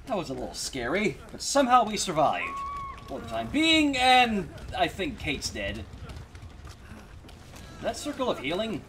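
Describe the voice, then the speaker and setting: A man's voice: high-pitched, wildly swooping pitch, unhurried, long pauses, bright, forceful tone. A man streaming a game and commenting live, reacting with sudden yelps and wry remarks to himself. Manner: reacts aloud with startled yelps and wry self-talk.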